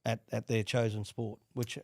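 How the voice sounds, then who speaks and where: A middle-aged Australian man, a former player and coach, telling animated stories in a casual interview. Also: on the low side, normal speed, no echo, studio quality. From Queensland, Australia. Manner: animated storyteller with restarts and laughs. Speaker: guest, former rugby league player and coach.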